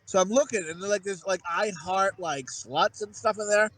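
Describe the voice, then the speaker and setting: High-voiced profane rambling man. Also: normal speed, a bit bright, rough recording. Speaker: podcast co-host. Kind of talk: casual podcast banter.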